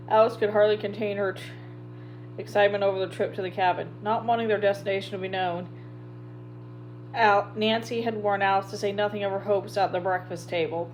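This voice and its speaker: A woman narrating an audiobook in a steady, even reading voice. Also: medium pitch, slight background noise, poor audio. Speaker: audiobook reader. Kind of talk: storybook narration.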